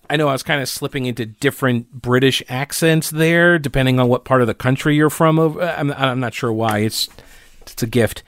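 A man's voice: fairly high pitch, normal speed, fairly bright tone, no echo, studio quality. A male radio talk show host from North Carolina, chatty and sarcastic, full of fillers and restarts. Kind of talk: casual political commentary.

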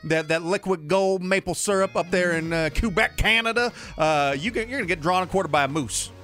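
A man co-hosting a radio morning show, joking and exaggerating in loose, animated banter. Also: high-pitched, faint music behind. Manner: animated, quick to joke, exaggerates.

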